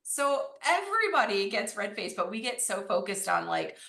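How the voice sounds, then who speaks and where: Bright, gravelly woman running coach. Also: mid-range voice, moderate pace. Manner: animated, laughs often, many fillers. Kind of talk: casual podcast interview. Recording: echoey room.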